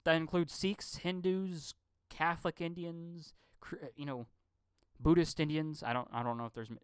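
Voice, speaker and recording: A man's voice: fairly high pitch, clear, resonant tone, dry recording. A man rambling through a profane live-stream rant, stammering and repeating his words. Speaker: channel host.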